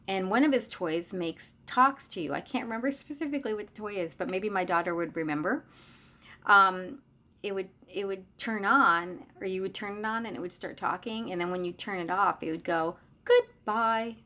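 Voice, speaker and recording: A middle-aged woman speaking at an ordinary, mid-range pitch as she tells a personal story. She talks casually, with loose sentences that restart and wander into asides. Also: pushed and bright. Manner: conversational, with frequent restarts and trailing asides. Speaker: psychic medium.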